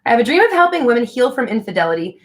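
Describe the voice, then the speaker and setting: A woman's voice: fairly high pitch, very animated, racing. A young woman hosting a casual live stream, answering viewer questions in a chatty, frank way with casual swearing.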